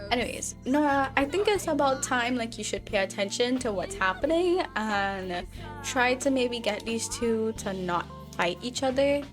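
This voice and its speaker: A woman gives casual let's-play commentary, chatty and playful and quick to laugh. Her voice sits fairly high. Soft music runs faintly underneath. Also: lively intonation. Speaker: gaming video creator.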